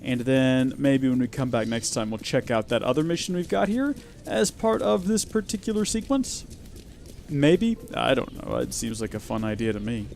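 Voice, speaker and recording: A man's voice: medium pitch, expressive, moderate pace, creaky, darkish tone, slight background noise. A man hosting a gaming video, giving chatty, wry and sarcastic commentary as he plays. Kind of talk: let's play commentary.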